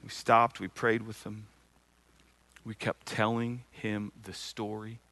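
A man's voice: on the low side, little pitch movement, slow, fairly bright tone. A middle-aged man giving an earnest sermon testimony from the pulpit, telling a personal story with frequent repeated words. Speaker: church speaker.

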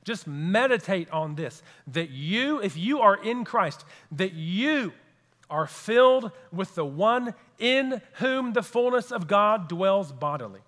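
A man's voice: high-pitched, big pitch swings, takes it slowly, fairly bright tone, in a large hall. A man preaching a sermon as pastor, earnest and repeating key phrases for emphasis.

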